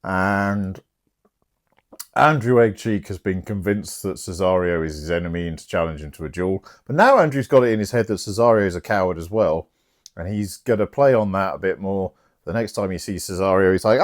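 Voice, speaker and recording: A man's voice: lowish voice, very animated, normal speed, a little mellow. A young man casually retelling a plot, chatty and irreverent, swearing now and then. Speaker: channel host.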